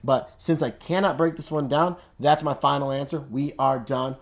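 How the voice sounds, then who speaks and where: A man's voice: mid-range voice, moderate pace. A man teaching math in a casual, upbeat way, using slang and thinking aloud as he works each step. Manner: upbeat, slangy, talks to himself while working. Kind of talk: casual classroom explanation.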